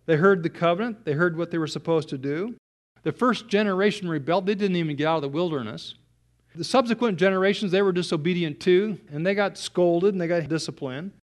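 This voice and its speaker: A man preaching an expository sermon, reading scripture slowly and stressing key words emphatically. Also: high-pitched.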